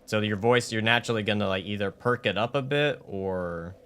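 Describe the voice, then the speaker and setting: A man's voice: on the low side, moderate pace, fairly bright tone, a little hiss or hum. A man streaming a game, chatting casually in a rambling way with many fillers and restarts. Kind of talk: casual chat while gaming.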